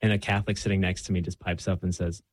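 Young man, lowish voice, casual chat, candid storytelling, dead dry room. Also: little pitch movement, quick pace, dry recording. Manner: candid, self-deprecating storytelling with many fillers. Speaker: guest. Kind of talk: casual faith conversation.

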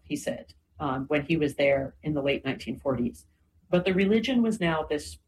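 A woman's voice: lowish voice, darkish tone, a little hiss or hum, rough recording. A woman explaining history in a conversational, lecture-like way, often adding "right?" and "you know" as fillers. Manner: frequent fillers and tag questions, emphatic.

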